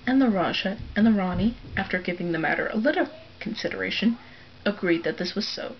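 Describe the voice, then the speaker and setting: Lady reading a bedtime-ish story, soft and whispery, kinda muffled lo-fi with faint hiss. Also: medium pitch, animated, fairly quick, creaky. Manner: soft, often drops to a whisper for narration.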